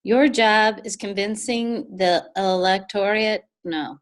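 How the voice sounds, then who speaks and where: Slow careful woman reading lines aloud. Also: a little high, animated. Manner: careful, slow, asks how to say words. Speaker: reader in a live book reading.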